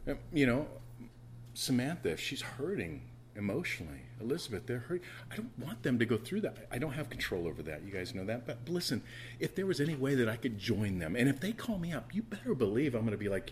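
A man's voice: medium pitch, big pitch swings, quick pace, a little hiss or hum. A middle-aged man, a pastor, preaching a conversational sermon to his church, repeating words and pressing his points with emphatic rises.

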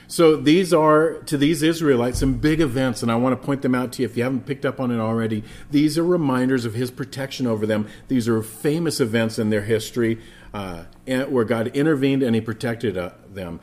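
A man's voice: medium pitch, a little fast, darkish tone. A man preaching a sermon as a pastor, emphatic, repeating phrases for stress and often restarting his words.

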